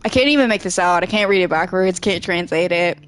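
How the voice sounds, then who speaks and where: A woman's voice: lowish voice, brisk. Swearing woman gaming commentator. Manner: profane, muttering, exasperated. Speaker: let's player.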